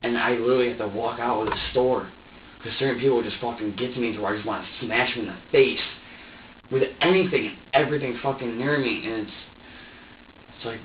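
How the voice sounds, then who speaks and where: A man's voice: medium pitch, steady tone, brisk. A young man in a police interrogation room pours out an agitated, profane confession, stumbling over restarts as he goes. He sits away from the microphone, so his voice reaches it distant and roomy. The recording sounds dull and muffled, with a faint hum underneath. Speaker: suspect being questioned by police.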